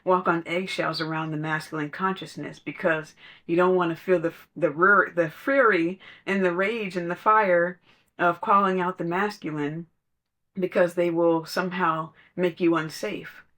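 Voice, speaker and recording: Podcast speaker, casual spiritual talk, conversational, laughs while telling stories, middle pitch. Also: steady tone, moderate pace, bright, forceful tone.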